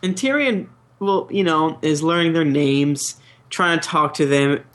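A man's voice: fairly high pitch, unhurried, a bit bright. A man co-hosting a casual podcast chat, retelling story scenes in a laid-back way with frequent laughs. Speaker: podcast co-host.

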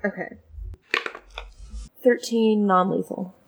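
A woman playing a tabletop game, describing her character's moves in an animated, giggly way. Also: mid-range voice, slow pace, vocal fry, background noise. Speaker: player.

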